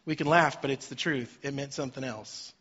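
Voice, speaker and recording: Man, pastor, sermon, dynamic loud-soft delivery, forceful tone, dull lo-fi sound. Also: mid-range voice, fairly quick, breathy edge. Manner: dynamic preaching with sudden loud and soft swings.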